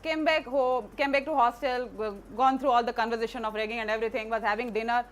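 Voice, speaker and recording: A woman's voice: on the high side, steady tone, quick pace. A woman, earnestly telling a personal story to an audience, with frequent restarts and fillers.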